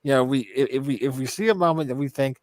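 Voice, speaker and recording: Brief: easygoing male co-host, mid-pitched voice, dry close sound, muses out loud. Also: fast, no room sound. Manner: thoughtful, agreeable, reasons things through aloud. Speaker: podcast co-host. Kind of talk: casual conversation.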